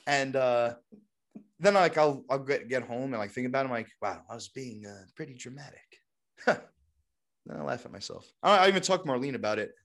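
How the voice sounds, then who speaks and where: A young man chatting casually on a podcast in a middle-pitched voice. He rambles, piling on filler words. He keeps it loose and conversational. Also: a little fast, fairly bright tone. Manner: rambling, heavy with fillers like "like" and "you know". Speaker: podcast co-host. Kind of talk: casual chat.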